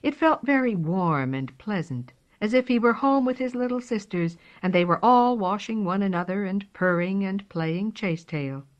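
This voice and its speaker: A woman reading a storybook aloud in a slow, expressive way. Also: medium pitch. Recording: dull lo-fi recording.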